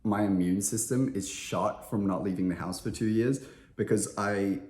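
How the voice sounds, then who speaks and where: Low-voiced man, chatty and self-deprecating. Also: normal speed, a little mellow, roomy sound. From Australia. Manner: chatty, self-deprecating, lots of filler words. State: slightly unwell. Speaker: interviewed musician. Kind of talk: casual interview chat.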